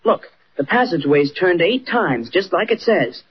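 An actor playing an eager, excitable young male reporter in an old radio drama. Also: mid-range voice, normal speed, slight background noise, close to an everyday voice. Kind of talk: 1940s radio acting. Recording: dull old radio recording.

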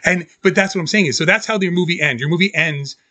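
A man co-hosting a podcast in casual chat, excitably acting out movie scenes in quoted voices. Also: sits high, fast, no room sound. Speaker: podcast co-host.

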